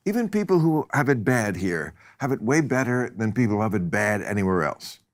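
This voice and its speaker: A middle-aged man hosting a casual chat over drinks, wry and quick to laugh. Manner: wry, laughs often, lively pitch. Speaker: host. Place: studio set. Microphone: lapel mic.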